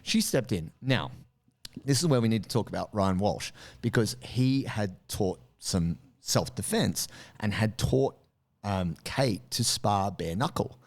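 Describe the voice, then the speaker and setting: Man, casual storytelling chat, lively swooping pitch, acts out quotes. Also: a little slow. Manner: animated, acts out voices in quotes. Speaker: podcast co-host.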